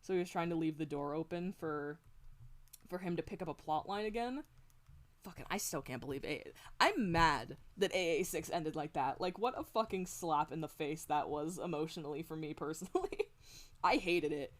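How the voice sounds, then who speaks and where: A woman's voice: low-pitched, moderate pace. A woman streamer chatting casually and rambling, swearing a lot and laughing often, on a close desk mic at home. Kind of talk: casual stream chat while drawing.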